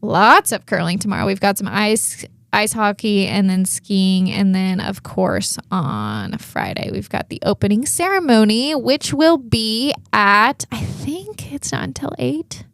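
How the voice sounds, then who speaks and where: A woman's voice: mid-range voice, very animated, unhurried, creaky, hardly any pauses, a bit bright. A young woman co-hosting a morning TV show in a studio, chatting in an upbeat, filler-heavy way. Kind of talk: casual chat.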